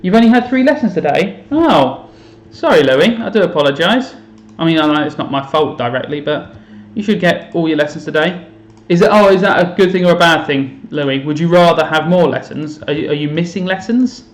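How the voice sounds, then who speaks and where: A man's voice: on the high side, lively intonation, brisk, hardly any pauses, roomy sound. A man chatting casually on a live stream while playing a game, self-mocking and thinking aloud to his viewers. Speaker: teacher streaming to students. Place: home room.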